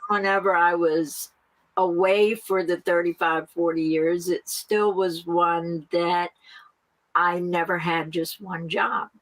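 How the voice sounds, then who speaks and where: This middle-aged American woman farmer is a guest in a casual interview, speaking slowly and laughing often as she chats. Her voice is on the low side, steady and a bit bright, though the audio quality is poor.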